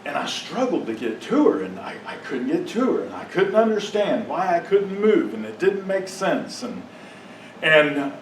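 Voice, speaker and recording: A man giving a personal testimony to a congregation, telling his story with emotion, sometimes dropping to a hushed, halting voice and sometimes rising to impassioned outbursts. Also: a little high, very animated, a little hiss or hum. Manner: drops to a hushed, halting voice at painful moments. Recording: echoey room, mic at a distance.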